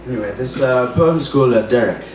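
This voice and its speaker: Man, comic poetry reading, halting delivery, roomy room, distant mic, faint noise. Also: medium pitch, darkish tone. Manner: hesitant, full of uh fillers. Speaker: poet at open mic. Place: bar open mic room.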